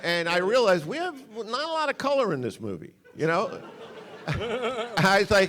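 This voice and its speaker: A man's voice: high-pitched, sing-song, brisk, a bit bright. Rambling man telling stories on stage. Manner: rambling anecdotes with restarts. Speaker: film director at a Q&A. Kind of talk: storytelling on stage. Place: cinema stage.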